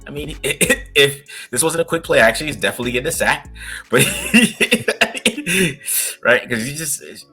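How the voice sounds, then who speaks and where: A man's voice: fairly high pitch, lively intonation, a little slow, sharp tone, faint music behind. A man co-hosting a casual film-review chat, talking loosely with lots of restarts and laughs. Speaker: podcast co-host breaking down game film.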